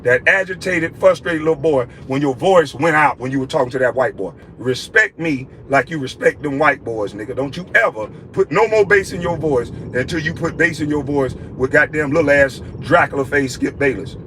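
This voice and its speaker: A man's voice: on the high side, normal speed, hardly any pauses, fairly bright tone, slight background noise, poor audio. A man delivering an angry, profane, repetitive scolding rant aimed at a critic. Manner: scolding, repetitive, heavy cursing. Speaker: vlogger ranting at a critic.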